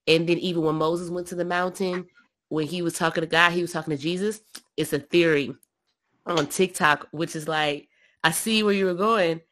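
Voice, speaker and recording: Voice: medium pitch, steady tone, normal speed, fairly bright tone, a little hiss or hum. Casual co-host, meandering, searches for names mid-sentence. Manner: rambling, thinks aloud, self-correcting. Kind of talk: casual chat.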